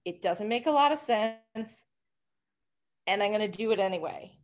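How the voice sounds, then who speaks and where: A woman's voice: mid-range voice, lively intonation, normal speed. A woman in casual conversation, rambling animatedly and acting out inner voices as she explains a feeling. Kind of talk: casual spiritual chat.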